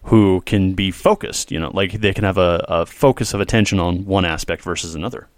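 A man co-hosting a casual podcast. He is playful and tells jokey stories with lively asides. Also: sits low, brisk, dry recording. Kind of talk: casual chat.

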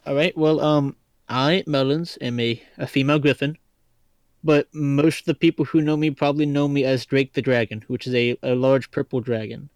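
A man's voice: medium pitch, steady tone, normal speed, darkish tone, dry recording. Casual podcast guest, male, hesitant and rambling, playful, accent hard to pin down, dry and close. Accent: hard-to-place, not regional Kentucky. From Lexington, Kentucky, US. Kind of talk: casual chat.

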